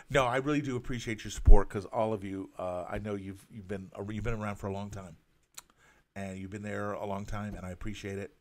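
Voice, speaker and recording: A man of middle pitch talks off the cuff on a live drawing stream. He stammers and restarts his sentences again and again, and his tone is earnest and apologetic. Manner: halting, stammering, many restarts. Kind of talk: casual live-stream monologue.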